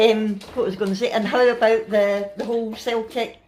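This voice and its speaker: A middle-aged woman with a Scottish accent chats in a family vlog from her bed at home. She sounds worn out but relaxed and laughs often. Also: fairly high pitch, fairly quick, slight background noise. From Scotland. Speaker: family vlogger. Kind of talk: casual chatty vlog.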